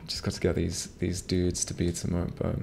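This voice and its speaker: Low-voiced rambling gamer. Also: male voice, completely flat delivery, normal speed, vocal fry, a little mellow. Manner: rambling, profane, frequent restarts. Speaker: gamer streaming a playthrough. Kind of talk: casual gameplay commentary. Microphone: home streaming microphone.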